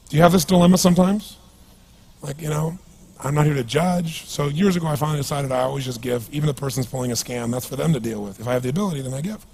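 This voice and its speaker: A man from the United States giving an energetic seminar talk as a motivational speaker and putting questions to his audience. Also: a little high, fast, gravelly, breathy edge.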